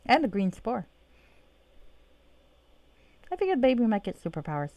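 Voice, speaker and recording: A woman's voice: a little high, sing-song, normal speed, a little mellow, dry recording. A woman streaming a video game, chatting casually and self-mockingly and swearing freely as she plays. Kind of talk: casual let's-play commentary. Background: game music.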